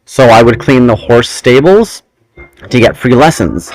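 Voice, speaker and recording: On a casual podcast, a male host spins rambling, animated tales from his childhood. His voice sits at medium pitch and moves at a measured pace, and the recording is rough.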